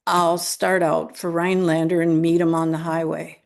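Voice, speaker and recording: A woman voicing a steady middle-aged mother who speaks in a calm, firm way. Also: low-pitched, moderate pace, gravelly. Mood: soothing.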